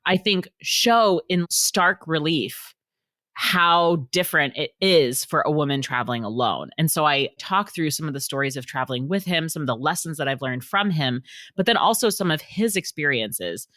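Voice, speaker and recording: A woman's voice: sits low, expressive, normal speed, a bit bright, no echo, clean studio sound. A woman author talking as a podcast guest, telling stories animatedly and acting out the quotes. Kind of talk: casual storytelling in a podcast interview.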